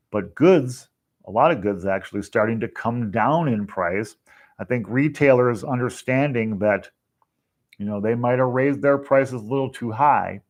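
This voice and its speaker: A man's voice: mid-range voice, darkish tone. Conversational man explaining market news. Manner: conversational, explains plainly with asides. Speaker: finance show host. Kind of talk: casual market commentary.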